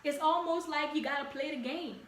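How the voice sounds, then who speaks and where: A woman's voice: high voice, a little fast. A young woman with a Louisiana accent, hosting a podcast in a direct, encouraging, casual way with slang. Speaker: podcast host. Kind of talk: casual solo podcast talk. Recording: echoey room, distant mic, faint ambient noise.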